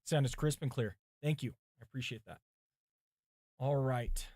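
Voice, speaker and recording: A man's voice: mid-range voice, moderate pace, darkish tone, dry recording, studio quality. A male pastor preparing a sermon on a livestream, reading commentaries aloud, thinking aloud and chatting with viewers, with his mic set some way from him. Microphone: mic set far from him.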